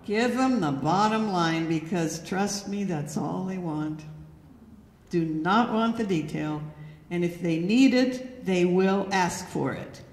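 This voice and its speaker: A woman's voice: lowish voice, takes it slowly, darkish tone. A woman lecturer giving direct, instructive advice to an audience through a microphone. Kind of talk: presentation to an audience. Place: church hall. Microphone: handheld or stand microphone. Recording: echoey hall with long reverb.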